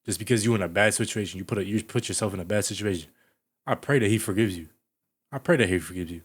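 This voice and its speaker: A man hosting a reaction video, commenting loudly and profanely and scolding the person on screen. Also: on the low side, fast, breathy edge.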